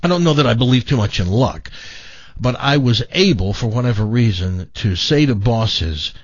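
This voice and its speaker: Older man, husky, animated storyteller. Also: mid-range voice, normal speed, no echo, dull audio. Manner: animated storyteller, stammering restarts. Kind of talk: storytelling in casual chat.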